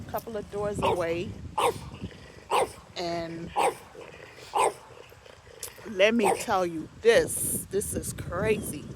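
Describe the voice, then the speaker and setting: A woman's voice: medium pitch, heavy background noise. A woman casually telling neighborhood stories in a chatty, gossipy monologue, cursing now and then and excusing herself. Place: outdoors near parked vehicles.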